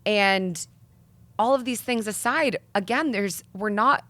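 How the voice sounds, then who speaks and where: A woman's voice: medium pitch, slow, pushed and bright, no room sound. Earnest young woman, dry close sound. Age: young adult. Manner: earnest, articulate, persuasive. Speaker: guest, nonprofit founder. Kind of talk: sit-down interview conversation.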